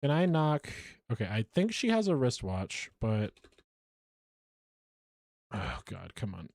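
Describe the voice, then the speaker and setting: A man's voice: lowish voice, huge pitch swings, takes it slowly, gravelly, a little mellow, no room sound. A man streaming a game live, chatty and self-mocking as he talks through his play. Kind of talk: live gameplay commentary.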